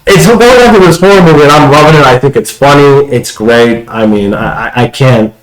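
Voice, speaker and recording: A man's voice: mid-range voice, brisk. A man co-hosting a podcast, chatting casually and enthusiastically, rambling with restarts. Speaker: podcast co-host. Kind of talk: casual chat. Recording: echoey room.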